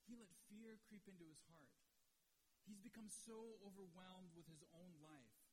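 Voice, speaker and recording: A man preaching a sermon as pastor, emotional, swinging from loud urging to near-hushed passages. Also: high-pitched, a little slow. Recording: long reverb, faint hiss.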